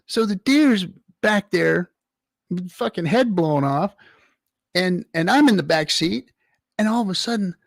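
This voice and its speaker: A man's voice: sits high, unhurried, gravelly, long pauses, no echo, studio quality. A middle-aged man from California, hosting a livestream and telling a rowdy, profanity-laced story between laughs and reading the chat. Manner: animated, swearing, laughing anecdote. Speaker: livestream host.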